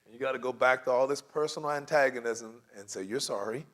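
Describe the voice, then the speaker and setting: A man with a medium-pitched, fast voice leads a church class on conflict, teaching in a conversational way. He's animated, acts out the voices he quotes, and laughs often.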